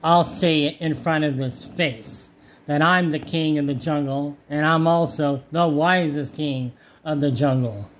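A man voicing a boastful male lion in a storybook fable, speaking slowly and stubbornly. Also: fairly high pitch, slight background noise, natural voice. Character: boastful male lion claiming the jungle throne.

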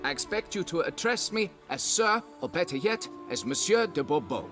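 A man's voice: high voice, expressive, moderate pace, a bit bright. An actor playing a haughty male nobleman who demands deference while hiring a monster hunter. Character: pompous haughty male nobleman, vineyard owner. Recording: game audio with music underneath.

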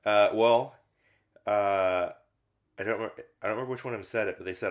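Guy with a lowish voice rambling about a movie on a podcast, lots of ums, acts out the scenes. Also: brisk. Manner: rambling, many fillers, acts out lines from scenes. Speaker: film review podcast co-host. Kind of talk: casual conversational film discussion.

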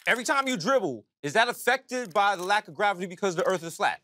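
A teasing male reporter asking provocative questions, played by a man in a comedy sketch. He talks quickly in a fairly high voice and needles the other person with a sly, mocking edge. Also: pushed and bright. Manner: teasing, fast-talking questioner. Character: cheeky male reporter at a press conference. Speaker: comedy show host.

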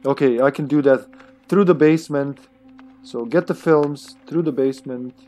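A man chatting casually while playing a co-op game on stream, quick and prone to swearing when flustered. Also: mid-range voice, dark tone. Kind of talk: casual gaming chat.

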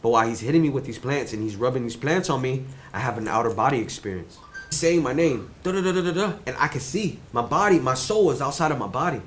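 A young man casually telling a story in an animated way, swearing freely and repeating "you know what I'm saying". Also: medium pitch, quick pace, a little hiss or hum.

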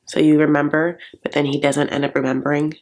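A man's voice: a little high, level tone, quick pace, a little mellow. A man hosting a comedic TV recap, campy and gossipy with sassy asides.

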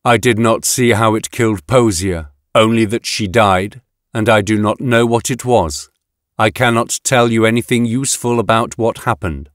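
A male audiobook narrator voicing an emotionless reanimated woman officer who speaks flatly and haltingly. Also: fairly low pitch, dry recording, clean studio sound, lightly acted. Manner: flat, toneless, halting.

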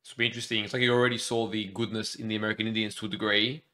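A man co-hosting a movie reaction, chatting casually and breaking into excited exclamations. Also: fairly low pitch, rapid-fire.

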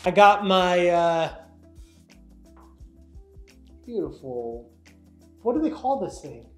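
A man's voice: high-pitched, sing-song, unhurried, faint music behind. A young man giving a casual, joking tour of his new house for his vlog, chatty and self-mocking. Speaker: vlogger giving a home tour.

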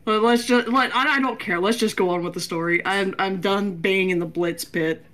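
A woman's voice: medium pitch, moderate pace, a bit bright, rough recording. Chatty Southern woman gaming host. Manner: chatty, rambling with restarts. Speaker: let's play co-host. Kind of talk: casual gaming commentary.

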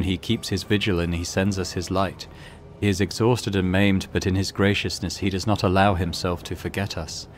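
A man's voice: low-pitched, slight background noise, natural voice. Man reading as a murmuring mutant cult priest. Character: mutant male cult priest, creepy and serene. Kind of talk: reading game dialogue aloud.

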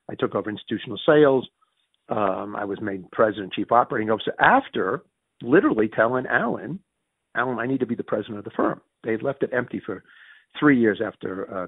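A man with a Northern US accent, telling business stories as an interview guest, acting out the dialogue he recalls with quick restarts. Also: fairly low pitch, slightly rough, no echo, phone-quality sound. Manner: lively storyteller who acts out quoted dialogue with restarts. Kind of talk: animated business storytelling.

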